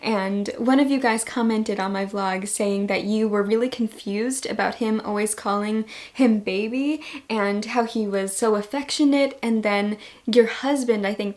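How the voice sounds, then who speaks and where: Gushing young woman reviewing books. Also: a little high. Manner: gushing, enthusiastic. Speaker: book vlogger. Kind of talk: casual book review vlog.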